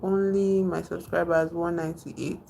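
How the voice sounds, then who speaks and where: A woman's voice: on the low side, flat delivery, normal speed, vocal fry, mellow, slight background noise. A woman with a Nigerian accent hosting a casual livestream, rambling as she retells film scenes and greets viewers in the chat. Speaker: livestream host.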